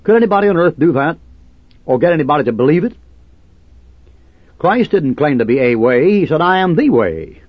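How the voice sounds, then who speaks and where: A man's voice: fairly high pitch, animated, a little fast, pauses often, no room sound, dull audio. A man preaching a fiery, combative sermon, sarcastic and quoting scripture in old King James cadence.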